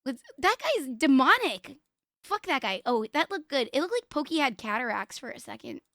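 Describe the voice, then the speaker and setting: Young woman streamer, high and bright voice, swears a lot, keeps cracking up laughing. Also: brisk, no echo, clean studio sound. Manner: excitable, profane, breaks into laughter. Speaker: livestream host. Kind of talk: casual stream reaction commentary.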